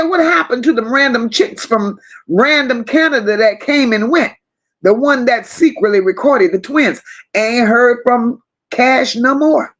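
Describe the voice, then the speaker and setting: Woman host, high voice, slow deliberate delivery, dramatic and slangy as she reads comments aloud. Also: dull audio. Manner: animated, dramatic, slangy and emphatic. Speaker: livestream host. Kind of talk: casual live chat reading comments.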